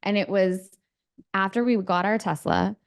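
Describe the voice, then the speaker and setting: A woman on a podcast telling a story in a chatty way, with quick asides. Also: medium pitch, steady tone, gravelly, smooth. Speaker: podcast co-host. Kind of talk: casual podcast chat.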